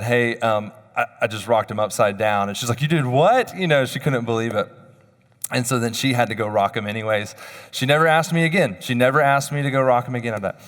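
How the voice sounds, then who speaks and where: A man's voice: mid-range voice, a bit bright. A man in his thirties giving a chapel sermon, telling personal stories in a conversational, self-deprecating way. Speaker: chapel speaker. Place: university chapel hall. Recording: long hall reverb.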